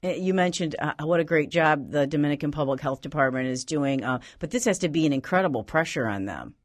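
A woman hosting a radio interview, asking questions in a relaxed way with many small fillers. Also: low voice, fast, no echo, studio quality. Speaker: radio host.

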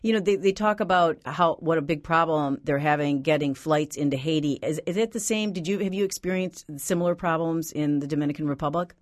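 Radio host, woman, low voice, dry studio sound; easygoing, filler-heavy questioning. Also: a little fast, few pauses, dry recording. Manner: relaxed, with many fillers. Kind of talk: radio interview.

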